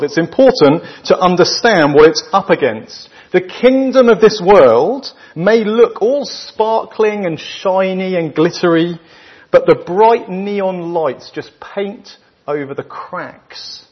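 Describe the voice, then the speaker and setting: Slow, husky British preacher man. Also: high voice. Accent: British English. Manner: emphatic, with rhetorical questions and weighty pauses. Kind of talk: sermon. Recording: dull lo-fi recording.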